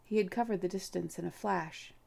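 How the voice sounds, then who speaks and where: A woman reading a novel aloud as an audiobook narrator, in a measured, unhurried storytelling manner. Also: fairly low pitch, gravelly, warm tone. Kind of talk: scripted narration.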